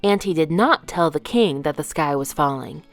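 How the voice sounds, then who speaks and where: A woman reading a children's picture book aloud, gentle and expressive. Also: sits low, moderate pace, faint music behind. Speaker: children's storyteller. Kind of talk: read-aloud storytime narration.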